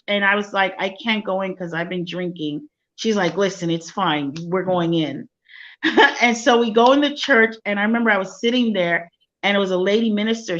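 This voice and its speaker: A soft-spoken woman tells a personal story in a quiet, gentle way. The sound is a little dull and lo-fi, and her pitch sits mid-range for a woman. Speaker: guest. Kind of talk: personal testimony in an interview.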